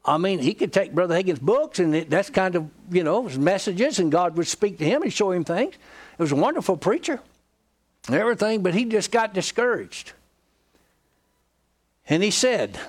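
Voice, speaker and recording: Here a Southern-accented pastor, a middle-aged man from Georgia, USA, preaches with a high-pitched, sing-song voice at normal speed. The sermon is full of folksy, funny stories.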